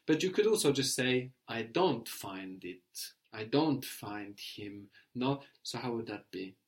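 A man's voice: mid-range voice, lively intonation. Patient male language teacher. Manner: patient, prompting questions, slows to model phrases. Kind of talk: guided language lesson.

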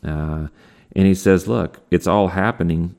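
Deep voiced guy preaching, chatty, lots of uhs, slows way down for the verses. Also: fairly even intonation, creaky, a little mellow. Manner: conversational, with many fillers and restarts; slows down to read scripture. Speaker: pastor. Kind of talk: sermon.

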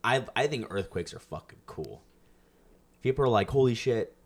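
A man's voice: medium pitch, moderate pace. A young man co-hosting a podcast, telling stories with lots of acted-out quotes and casual swearing. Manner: animated storyteller, acts out quotes in raised voices, swears freely. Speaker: podcast co-host. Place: California.

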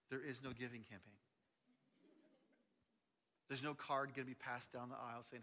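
A man preaching a sermon as a pastor, telling stories animatedly, swinging between loud and hushed delivery. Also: mid-range voice, steady tone, moderate pace, long pauses. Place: large church auditorium. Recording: long hall reverb.

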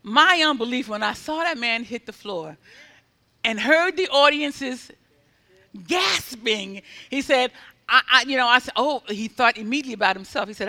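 Preacher guy, super high bright voice, acts out the quotes, echo off a big church hall. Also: moderate pace, gravelly. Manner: animated, acts out quoted speech, builds to loud exhortation. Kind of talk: sermon storytelling. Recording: long hall reverb.

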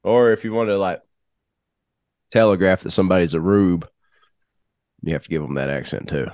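Man, podcast co-host, bronchitis, frequent laughter, lowish voice, dry sound. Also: lively intonation, normal speed, a little mellow, no room sound. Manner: laughs often, loose rambling. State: bronchitis, coughing. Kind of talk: casual chat.

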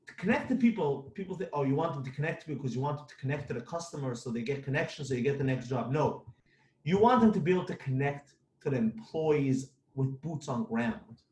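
A man's voice: medium pitch, darkish tone, echoey room. A man who runs a construction company giving blunt, emphatic business advice, repeating his points.

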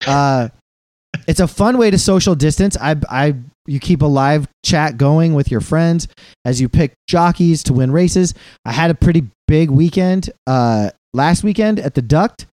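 Rambling, profane man with a mellow voice. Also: fairly high pitch, animated, unhurried, no room sound, clean studio sound. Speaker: podcast co-host. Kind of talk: casual chat.

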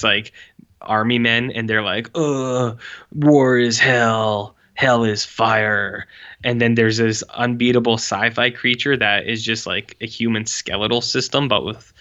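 A man talks in a rambling, sarcastic, offhand way, full of "like", in casual podcast chat. His voice sounds bright and forceful. The recording is dull and lo-fi. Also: fairly low pitch, steady tone, moderate pace. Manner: rambling, sarcastic, heavy use of "like". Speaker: podcast co-host reviewing short films.

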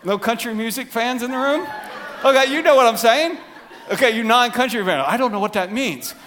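A man preaching a humorous sermon to his congregation, joking and animated, dropping to quiet asides. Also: extremely high pitch, a little fast, some chatter behind, slight background noise. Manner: jokey, animated, drops to soft asides. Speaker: pastor.

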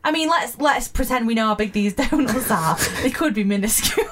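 A woman's voice: fairly high pitch, lively intonation, brisk, over a noisy crowd. A woman co-hosting a podcast, chatting casually, giggly and exclamatory. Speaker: podcast co-host. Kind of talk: casual chat.

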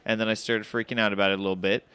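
A man's voice: on the low side, level tone, very fast, pushed and bright, clear, resonant tone. A man hosting a casual podcast, rambling with many fillers and sounding anxious. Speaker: podcast host. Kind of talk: casual chat.

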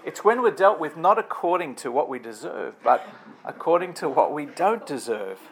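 A man's voice: fairly high pitch, expressive, moderate pace, slight background noise. A man preaching a sermon in a conversational, storytelling way, building emphatic lists.

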